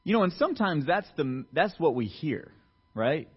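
A man preaching a casual, chatty sermon, his voice sitting a little high for a man. He acts out quoted voices with sudden jumps in pitch and loudness. The recording sounds muffled and lo-fi. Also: big pitch swings, moderate pace, breathy edge. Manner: conversational, lots of fillers and asides. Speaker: pastor.

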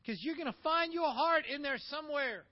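A man preaching a sermon, animated, swinging from emphatic peaks to quiet, slowed asides. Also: very high-pitched, lo-fi sound. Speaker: pastor.

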